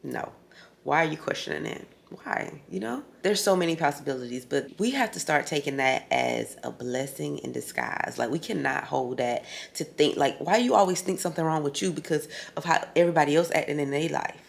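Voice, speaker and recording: A woman's voice: low voice, brisk, gravelly. A woman chatting casually to her viewers in a hotel room vlog, frank and profane, calling them y'all and friend. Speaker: vlogger. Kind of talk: casual vlog chat to camera.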